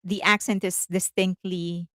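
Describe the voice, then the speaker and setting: A woman's voice: lowish voice, flat delivery, a little slow, fairly bright tone, no room sound. Chatty lady host rambling on, giggly, fixes her own words a lot, dry sound. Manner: chatty, giggles often, corrects herself mid-sentence. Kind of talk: casual commentary.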